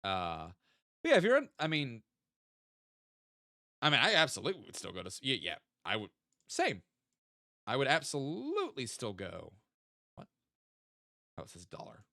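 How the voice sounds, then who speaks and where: This is casual gaming stream chatter from a young man playing a geography guessing game, musing aloud and joking as he goes. His voice sits on the low side with a sharp tone, captured in studio quality without any room sound.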